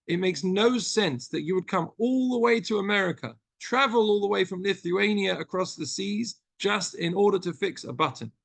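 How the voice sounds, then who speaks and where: A man's voice: high voice, normal speed, creaky, few pauses, a bit bright, no room sound, pitched above the performer's own voice, full character voice. A British man doing an impatient rich businessman. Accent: British English. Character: successful businessman, puzzled and impatient.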